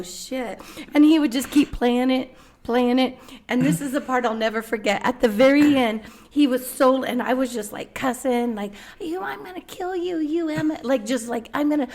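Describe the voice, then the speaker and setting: A woman's voice: high-pitched, a little hiss or hum. A woman co-hosting a podcast, telling a story in casual chat with lots of laughter and cursing. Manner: laughing, animated retelling with profanity. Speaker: podcast co-host.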